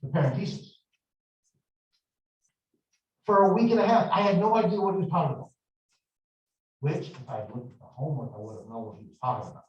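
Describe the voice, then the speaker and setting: A middle-aged man lectures a math class in a slightly high voice, slow and deliberate, with chatty digressions between points. He sounds far from the mic in a strongly echoing room. The recording is dull and muffled. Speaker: math instructor. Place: large echoey classroom.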